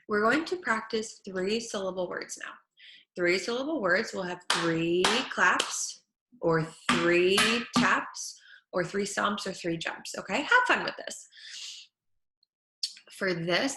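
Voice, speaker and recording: A woman speech therapist teaching children at home, saying each word slowly and clearly. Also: medium pitch, pushed and bright. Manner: slow, clear over-articulation of words. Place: her home kitchen. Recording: echoey room.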